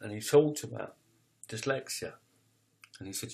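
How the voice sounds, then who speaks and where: Raw, halting man in his fifties. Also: lowish voice, gravelly, a little mellow, slightly rough. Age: 50s. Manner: raw and emotional, with halting restarts and swearing. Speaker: poet telling his life story. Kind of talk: personal spoken confession.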